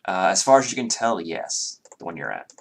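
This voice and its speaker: Very deep-voiced man running a tabletop game. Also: big pitch swings, vocal fry. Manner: rambling, halting, many fillers and self-corrections. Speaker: game master.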